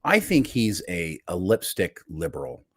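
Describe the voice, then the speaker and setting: Male podcast host, low and lively, teasing, dry close mic. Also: a little slow, breathy edge, no echo. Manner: animated and teasing, leading the show. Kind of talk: casual chat.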